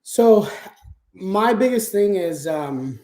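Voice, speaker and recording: A man's voice: sits high, animated, slow, dark tone, echoey room. A man talking casually as an interview guest about managing a sales team, explaining things step by step with frequent fillers.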